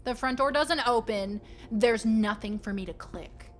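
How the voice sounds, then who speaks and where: A woman streaming a game and chatting casually with her viewers, playful and quick to slip into silly voices. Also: on the high side, a little hiss or hum. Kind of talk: casual live-stream chat.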